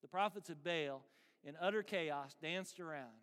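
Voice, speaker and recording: A man preaching a sermon as pastor, emphatic and animated with dry humor. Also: fairly high pitch, normal speed, clear, resonant tone. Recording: long reverb of a large hall.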